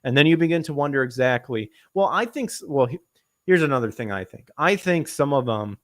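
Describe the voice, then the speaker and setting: A man rants and swears his way through a casual podcast conversation. His voice sits in a middle range and keeps jumping higher as he gets heated. The sound is close and dry, with no room echo. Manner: profane, ranting, pitch jumps when worked up. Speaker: podcast host.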